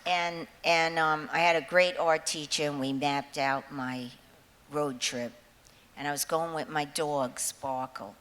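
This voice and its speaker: Low-voiced woman in her seventies, slow onstage chat. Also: steady tone, a bit bright. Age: 70s. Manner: chatty, laughs often, swears freely. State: nervous before going on. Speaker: singer addressing a concert audience. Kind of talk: rambling onstage storytelling. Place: large concert hall with an audience. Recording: echoey hall with faint hiss.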